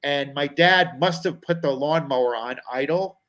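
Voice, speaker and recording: On a talk show, a middle-aged comedian guest spins a personal story with an animated delivery, his voice sitting a bit high. When he quotes people, he slips into their voices. He talks at normal speed, and the recording is low quality.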